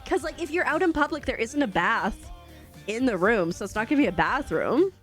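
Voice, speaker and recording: A woman's voice: a little high, big pitch swings, brisk, a bit bright, soft background music. A chatty woman with a light Canadian accent, laughing often as she talks casually to her live-stream chat while gaming. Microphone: desk microphone.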